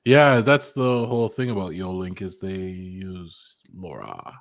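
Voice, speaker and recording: A man's voice: sits low, expressive, a little slow, vocal fry. A man co-hosting a home tech podcast, joking around in laid-back casual chat. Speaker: podcast co-host.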